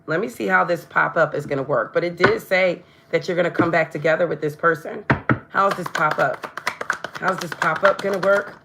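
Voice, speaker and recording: Woman, tarot reader, live stream, low-pitched, talks to viewers, trips over words. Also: normal speed, gravelly, noisy background. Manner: stumbles over words, tongue-tied; chatty, addresses viewers directly.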